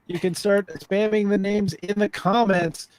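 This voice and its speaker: High-pitched guy hosting a comedy game show, rambly and chatty, dry close mic. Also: little pitch movement, unhurried, a little mellow, no echo. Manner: loose and chatty, many fillers and restarts. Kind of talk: casual live-stream game show hosting.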